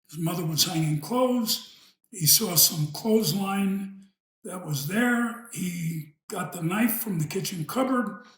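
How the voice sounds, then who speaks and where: A man with a New York accent, telling an old family story in a casual, unhurried way, pausing and trailing off into asides. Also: high-pitched. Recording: echoey room.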